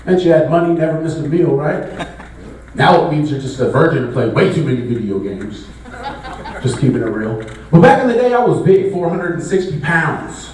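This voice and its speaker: High-voiced male comic in an echoey hall. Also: very animated, fairly quick, darkish tone, recorded from a distance. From Bay Area. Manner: loose, conversational, riffs with the crowd. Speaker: stand-up comedian. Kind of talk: stand-up comedy set. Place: live comedy show in a large echoey venue. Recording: very echoey venue audio picked up from afar, faint noise.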